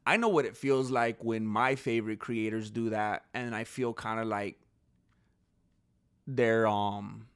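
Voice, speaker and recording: A male YouTuber casually chatting on a livestream and reading viewer comments, shifting from calm musing to loud disbelief. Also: fairly low pitch, a little slow, clear, resonant tone, no echo, studio quality. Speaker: MMA news YouTuber.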